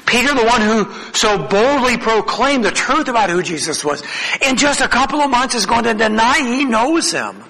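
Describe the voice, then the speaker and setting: Man, sermon, emphatic preaching, bright voice, echoing church hall. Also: sing-song, normal speed. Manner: emphatic preaching with sweeping pitch. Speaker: pastor. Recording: long reverb of a hall.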